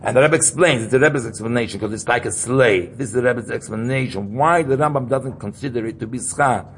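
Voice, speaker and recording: A man's voice: medium pitch, fairly quick, a bit bright, a little hiss or hum. Man teaching an informal Torah class. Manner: thinking aloud, restarts and repeats terms.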